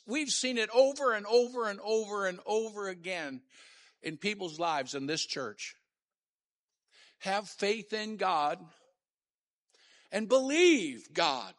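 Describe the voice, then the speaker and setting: High-voiced man preaching a shouting sermon. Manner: preaching, swings from low talk to shouted call-and-response. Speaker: pastor. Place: church.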